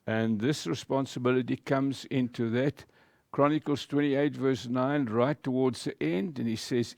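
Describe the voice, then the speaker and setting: Slow gravelly-voiced male preacher. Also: medium pitch, fairly even intonation, darkish tone, no echo, clean studio sound. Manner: slow, emphatic preaching with deliberate pauses. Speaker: pastor. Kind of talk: sermon.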